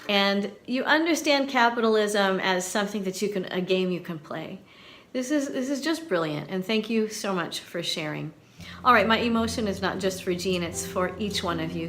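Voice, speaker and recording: Chatting earnestly with her viewers, this channel host and university teacher, a woman over fifty, speaks in a light soprano. Her mid-range voice has a fairly bright tone, and the talk is casual vlog conversation.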